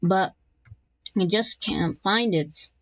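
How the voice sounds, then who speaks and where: A woman's voice: mid-range voice, slow, no room sound. A woman narrating a map scenario in a casual, rambling way, full of restarts and jokey asides, in a dull lo-fi recording.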